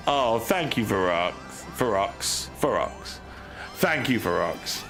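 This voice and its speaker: A man's voice: fairly low pitch, lively intonation, slow, a bit bright, faint music behind. A man streaming a game live, chatting to viewers in a goofy, rambling way. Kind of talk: live gameplay stream chat.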